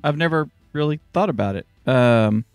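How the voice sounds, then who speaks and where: A man's voice: fairly high pitch, expressive, normal speed, clean tone, no echo, soft background music. A man hosting a casual live stream show, playful and joking while he sets things up. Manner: playful, jokey, multitasking. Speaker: show host.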